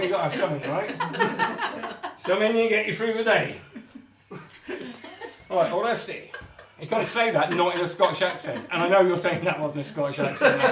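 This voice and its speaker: A man's voice: a little high, noisy background. A middle-aged man with a Sheffield accent, performing close-up magic for a live audience, self-mocking, chatty, laughing often. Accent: Sheffield English. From England. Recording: echoey room, mic from a distance. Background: audience laughter and clapping.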